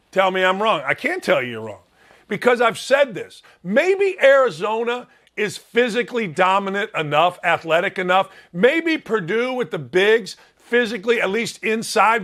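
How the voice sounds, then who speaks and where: A man's voice: high-pitched, big pitch swings, normal speed, fairly bright tone. Blunt, fired-up Chicago-accented man. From Northwest Indiana. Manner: blunt, fired-up, rambling, self-mocking. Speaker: sports radio host. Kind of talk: solo sports talk monologue.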